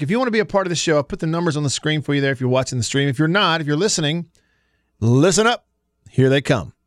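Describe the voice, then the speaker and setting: A man's voice: a little high, no room sound, studio quality. Chatty Southern sports radio man. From Alabama. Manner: chatty storyteller, laughs often. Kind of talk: casual sports radio talk.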